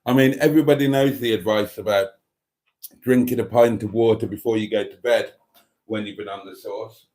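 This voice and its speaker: A man's voice: lowish voice, fairly even intonation, brisk, darkish tone. A man hosting a casual live chat, reading out viewer comments in a camp, theatrical manner. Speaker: host of a live chat show.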